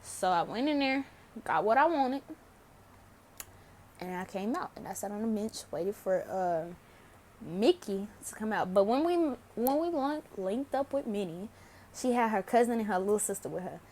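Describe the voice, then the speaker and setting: A woman's voice: medium pitch, animated, normal speed, darkish tone. A young woman vlogging to camera, telling a story casually, laughing often and swearing freely.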